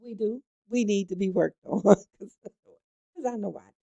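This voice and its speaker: A woman's voice: mid-range voice, a little slow, vocal fry, dark tone, dull audio. A woman hosting a gossip talk show, chatting emphatically and speaking straight to her viewers. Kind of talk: animated gossip commentary.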